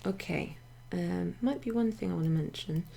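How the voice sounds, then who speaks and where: A woman teaching a casual French grammar lesson to her club members, chatty and relaxed, with many fillers and asides. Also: on the low side, normal speed, gravelly, slightly rough. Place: home near a greenhouse.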